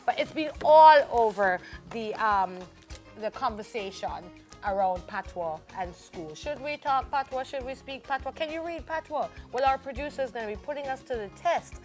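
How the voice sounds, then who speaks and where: A woman in her forties with a Jamaican accent, co-hosting a morning TV show in a lively, playful way and slipping into patois. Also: on the high side, moderate pace, faint music behind. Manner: animated, playful, switches into patois. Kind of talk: lively studio chat and news reading. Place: TV studio.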